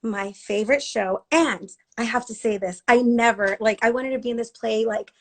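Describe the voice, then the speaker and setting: A woman's voice: fairly high pitch, normal speed. A woman chatting casually on a live video, rambling and acting out the thoughts she quotes. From Latina. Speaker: actor on a live chat. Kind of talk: casual chat.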